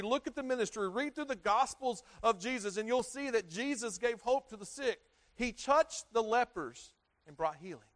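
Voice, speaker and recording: A middle-aged pastor preaches a sermon haltingly, repeating words as he goes. His voice swells loudly for emphasis and falls low as each phrase ends.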